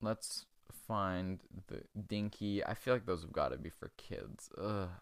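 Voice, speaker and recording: Brief: male comedy host, low voice with a very lively swing, crude and rambling, dry close sound. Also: unhurried, no room sound. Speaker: podcast host. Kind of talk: casual comedic chat.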